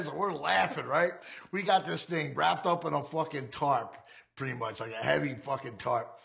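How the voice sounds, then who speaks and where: A man's voice: fairly high pitch, moderate pace, creaky, fairly bright tone. A man casually telling a rambling, profane story about his criminal past, laughing now and then.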